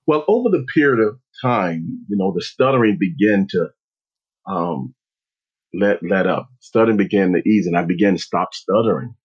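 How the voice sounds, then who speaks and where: A man, a motivational speaker, telling a personal story in a slow, deliberate, dramatic way. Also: lowish voice, big pitch swings, vocal fry, breathy edge. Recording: dull lo-fi recording.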